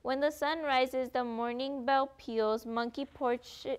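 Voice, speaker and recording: Teenage girl, storybook read-aloud, slow, clear, slightly high voice. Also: steady tone, a little hiss or hum. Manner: deliberate, occasional self-corrections. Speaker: reader. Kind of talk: reading a picture book aloud.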